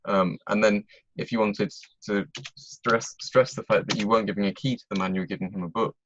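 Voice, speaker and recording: A man's voice: fairly low pitch, steady tone, fairly quick, dull audio, noisy background. A man tutoring German on a video call, explaining step by step and checking that his students follow. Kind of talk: online tutoring lesson.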